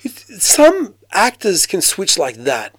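A man who grew up in Australia, a working actor, telling his story in a casual interview with lively mimicry and frequent restarts. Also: high voice, slow, no echo. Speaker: actor, guest.

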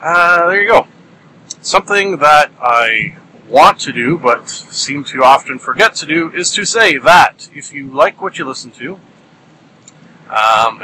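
Male podcast host, recording in his car; bright voice, joking and rambling with lots of ums. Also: medium pitch, slight background noise, poor audio. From Ontario, Canada. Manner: playful, drags words out for comic emphasis, many fillers. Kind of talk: casual solo podcast monologue. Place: car, while driving in sleet.

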